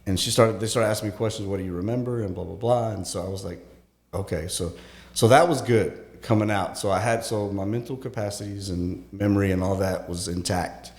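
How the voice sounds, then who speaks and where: A man with a fairly low voice recounts his story to an interviewer, stopping and restarting often and acting out the voices of people he quotes. The room adds a noticeable echo. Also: a little mellow. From Texas. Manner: halting, with many restarts and fillers, acts out quoted voices. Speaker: guest, former teacher.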